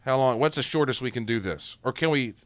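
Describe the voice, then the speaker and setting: A man's voice: medium pitch, animated, fairly quick, dry recording. A man hosting a live radio talk show, chatting in an amused, easygoing way.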